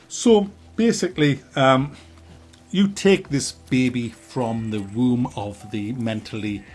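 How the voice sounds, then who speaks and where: A man's voice: mid-range voice, a little mellow, husky. A man in his forties giving a mock-serious, sarcastic and sweary game review.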